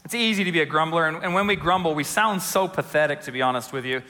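Guy pastor with a high bright voice, joking around and asking the crowd stuff, big echoey church. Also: fast talker. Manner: storytelling with humor and audience questions. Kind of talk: sermon.

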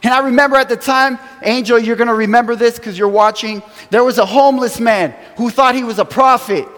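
A man preaching a sermon, telling stories with animated acted-out quotes and chuckles, from a church sanctuary. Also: very high voice, brisk. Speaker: pastor. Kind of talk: sermon storytelling. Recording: long hall reverb.

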